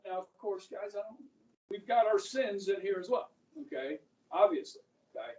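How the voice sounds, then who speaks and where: A man's voice: high voice, normal speed, darkish tone, muffled recording. A middle-aged man teaching history to a class, chatty, who keeps checking in with "okay?". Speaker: high school history teacher. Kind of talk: classroom lecture. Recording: echoey classroom from far off.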